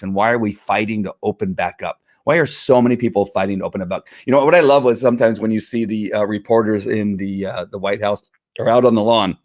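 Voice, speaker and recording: A man hosting a live opinion stream, talking in a fired-up, rambling way, often restarting his sentences and answering comments from viewers. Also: mid-range voice. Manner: fired-up, talks back to critics, many restarts. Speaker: livestream host. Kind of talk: casual opinion livestream.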